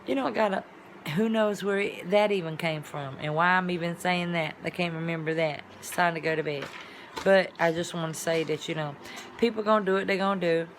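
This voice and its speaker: A woman's voice: on the low side, fairly quick, slight background noise. A woman vlogger talking in a casual, rambling monologue, with colloquial, folksy phrasing and sound-effect words.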